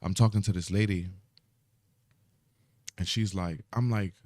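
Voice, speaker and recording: A man's voice: deep voice, fairly even intonation, a little slow, darkish tone, no room sound. A man with a New York accent in casual podcast chat, laid-back and slangy, acting out phone calls as he tells stories. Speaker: podcast co-host. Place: podcast studio.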